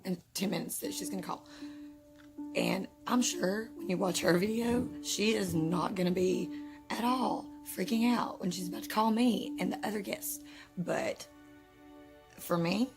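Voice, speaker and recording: A woman's voice: medium pitch, measured pace, vocal fry, music in the background. A woman vlogging casually to her viewers, nervous and flustered, rambling with lots of fillers. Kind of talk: casual vlog talk to camera.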